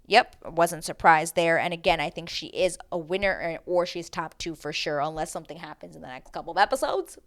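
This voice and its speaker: A woman's voice: low-pitched, a little fast, hardly any pauses, a bit bright. A young woman in a chatty, dramatic, casual recap of a TV show. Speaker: TV recap vlogger.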